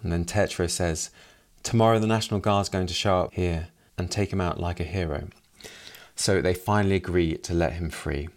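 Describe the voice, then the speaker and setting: A man's voice: deep voice, steady tone, moderate pace. A man hosting a solo book review podcast, summarizing the plot with wry asides.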